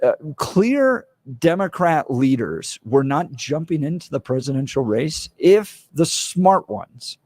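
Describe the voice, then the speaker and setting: A man hosting a morning talk radio show, opinionated and animated, with sarcastic asides. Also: on the high side, slow, few pauses, no echo. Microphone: studio microphone.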